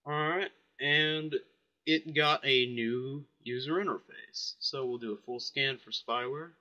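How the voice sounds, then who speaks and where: A man casually demonstrating software while thinking aloud, offhand and a bit puzzled. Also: medium pitch, measured pace. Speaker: software reviewer. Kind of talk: casual screen-recorded software demo.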